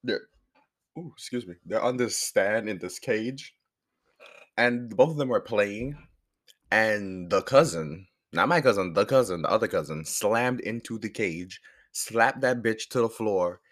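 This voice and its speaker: A man hosting his own podcast in a rambling, casual way, hoarse from a sore throat and pausing now and then to chew. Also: on the low side, lively intonation, a bit bright. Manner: rambling, chatty, pauses to chew food. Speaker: podcast host. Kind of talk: casual solo podcast chat.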